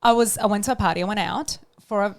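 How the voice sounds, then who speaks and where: A woman's voice: medium pitch, quick pace, vocal fry. A woman co-hosting a podcast in casual chat, rambling in a self-deprecating way and filling her talk with "like.". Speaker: podcast co-host.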